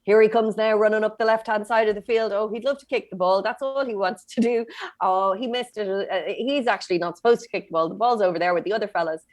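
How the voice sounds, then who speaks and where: A woman with an Irish accent voicing a football commentator who calls a match in excited play-by-play patter. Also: medium pitch, fast, natural voice.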